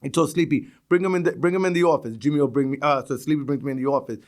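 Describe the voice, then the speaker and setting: A middle-aged man from Brooklyn with a New York accent, telling stories as a podcast guest, animated and full of restarts. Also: on the high side, racing. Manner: animated, restarts a lot, acts out quotes. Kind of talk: casual storytelling interview.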